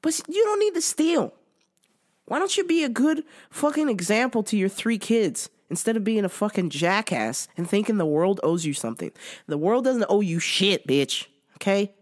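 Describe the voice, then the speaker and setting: A woman's voice: mid-range voice, lively intonation, normal speed, darkish tone. A woman hosting a podcast, ranting in a sarcastic, profane way and laughing often. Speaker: podcast host. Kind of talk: casual ranting commentary.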